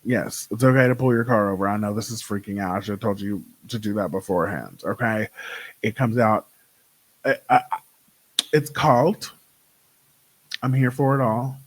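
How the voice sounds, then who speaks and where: A young man hosting his own show, chatting casually with a sassy, profane, animated way of telling stories. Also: on the low side, moderate pace, pauses often, slight background noise, low-quality recording. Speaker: podcast host. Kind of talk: casual solo chat.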